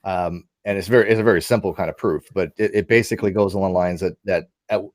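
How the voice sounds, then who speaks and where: A man hosting a casual online debate call, talking quickly with lots of restarts and laughs. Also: sits low, dry recording, clean studio sound. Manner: animated, quick, laughing, self-interrupting. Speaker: host. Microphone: video call.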